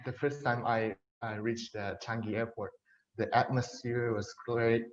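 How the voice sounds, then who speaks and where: A man speaking as guest on a webinar, sharing casually and haltingly with many restarts. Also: mid-range voice, level tone, highs cut off, slight background noise.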